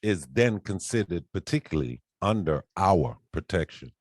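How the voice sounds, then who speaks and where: A man in a group call reading treaty articles aloud, halting over some words. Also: low voice, expressive, a little hiss or hum.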